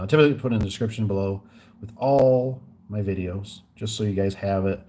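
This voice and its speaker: A man's voice: on the low side, quick pace, mellow. A man who installs garage doors, ranting casually in a vlog and acting out both sides of his phone calls. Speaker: garage door and gate installer.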